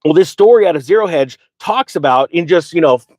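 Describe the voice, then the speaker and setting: A man hosting a live finance stream, talking off the cuff with excitement, often stumbling and restarting, and speaking straight to his viewers. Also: fairly high pitch, quick pace, dry recording. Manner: direct, addresses viewers and asks them to type answers. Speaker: finance livestream host. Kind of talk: live unscripted finance talk.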